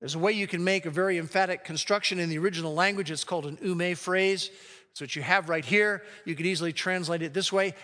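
A man preaching a sermon as a pastor, emphatic and slowing down to read scripture aloud. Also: high voice, sharp tone. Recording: long hall reverb.

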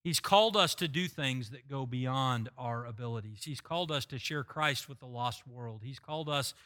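A middle-aged man preaching a sermon, telling a self-mocking story with animated, humorous delivery. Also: medium pitch, moderate pace. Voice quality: voice likened to a screaming rock singer. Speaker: pastor.

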